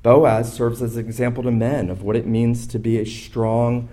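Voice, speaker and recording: A man pastor preaching a sermon, speaking in rhythmic repeated lists and building from quiet to loud, emphatic passages. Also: medium pitch, fairly even intonation, moderate pace.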